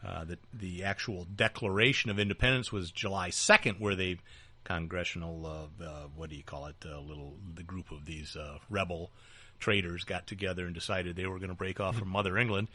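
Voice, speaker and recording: A man's voice: deep voice, fairly even intonation, fairly quick, sharp tone. A man co-hosting a casual political talk show, joking and teasing his partner, with frequent fillers and restarts. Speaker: podcast co-host. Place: small back-room studio.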